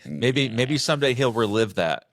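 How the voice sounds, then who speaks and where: A man's voice: mid-range voice, very animated, normal speed, no echo. A man co-hosting a podcast, reacting in an easygoing way to a friend's story. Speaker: podcast co-host. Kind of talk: casual chat.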